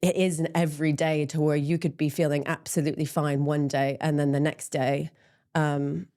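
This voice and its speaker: Low-voiced candid middle-aged woman. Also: little pitch movement, moderate pace, warm tone. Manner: open and candid, frequent ums, laughs at herself. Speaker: interview guest, menopause support group founder. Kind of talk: candid conversational interview.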